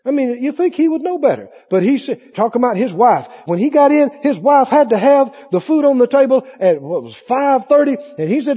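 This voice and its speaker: A man preaching a sermon with lively delivery, playing out cravings in mock voices, recorded on a muffled tape in a hall. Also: very high-pitched, a little fast, hardly any pauses, husky.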